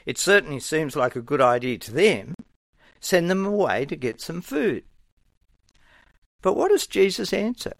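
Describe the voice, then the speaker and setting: A man preaches a sermon at an unhurried, deliberate pace. His delivery is earnest and measured, and he briefly acts out the voices of characters. The sound is close and dry, with no room echo. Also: fairly high pitch, sing-song, vocal fry.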